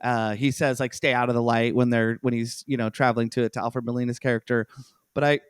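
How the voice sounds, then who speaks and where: Man, podcast guest, smooth clear voice, dry close sound, enthusiastic, self-correcting. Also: medium pitch, steady tone, fast talker, dry recording. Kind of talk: casual film review chat.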